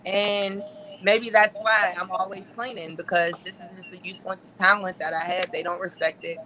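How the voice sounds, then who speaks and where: A woman's voice: medium pitch, flat delivery, moderate pace, noisy background. A woman chatting on a panel with a wry, punchy delivery. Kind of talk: casual panel chat.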